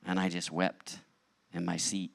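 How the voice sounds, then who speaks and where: A middle-aged male pastor telling his story in a sermon, animated, acting out what people said. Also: sits low, unhurried, gravelly, no echo. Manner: animated storytelling with acted-out quotes. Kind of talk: testimony sermon.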